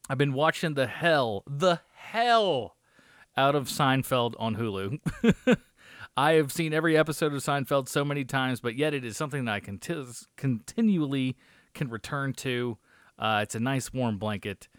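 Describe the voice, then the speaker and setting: This is a clean studio recording with no room sound, featuring a mid-range male voice at a normal speed. He co-hosts a film review podcast and chats loosely, wandering off topic, cursing freely and filling gaps with fillers.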